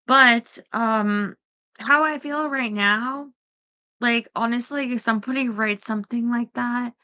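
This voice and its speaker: A woman's voice: a little high, steady tone, measured pace, sharp tone. A woman hosting a casual chat, rambling with lots of fillers and quoting herself. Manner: rambling, full of fillers and self-quotes. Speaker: podcast host.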